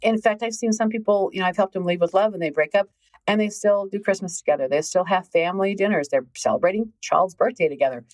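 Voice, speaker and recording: A woman's voice: mid-range voice, fast, darkish tone, low-quality recording. A middle-aged woman hosting a relationship podcast, talking casually and emphatically, repeating words for stress. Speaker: host, relationship healing coach.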